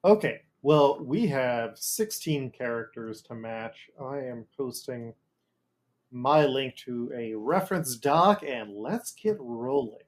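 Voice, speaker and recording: Podcast host guy, middle pitch, dry jokey tone. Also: very animated, slow pace. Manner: leads the segment, dry jokey asides. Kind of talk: casual podcast chat.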